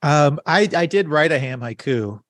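A man co-hosting a podcast in casual conversation, with a loose, halting delivery full of fillers. His voice sits a bit high and moves in a lively, animated way. The sound is dry and close. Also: no room sound. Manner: laid-back, halting with fillers. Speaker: podcast co-host.

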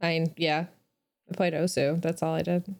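A woman's voice: deep voice, little pitch movement, moderate pace, creaky, no room sound, clean studio sound. A woman co-hosting a podcast in casual chat, bubbly and playfully teasing, laughing often. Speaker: podcast co-host.

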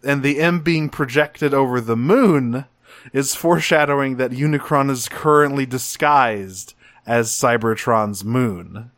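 A man's voice: medium pitch, unhurried, fairly bright tone, dry recording, studio quality. A man co-hosting a podcast, talking casually and enthusiastically, rambling a bit and swearing now and then. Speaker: podcast co-host. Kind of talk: casual chat.

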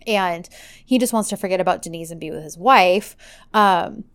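A woman's voice: on the low side, moderate pace, clear, resonant tone. A woman casually recapping a TV drama with a co-host, animatedly acting out the characters' lines as she goes. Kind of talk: casual chat.

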